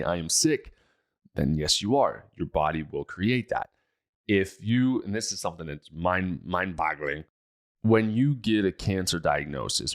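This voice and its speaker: Man, deep low voice, podcast host, casual motivational talk, energetic, chatty asides. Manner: energetic, conversational, with fillers and asides.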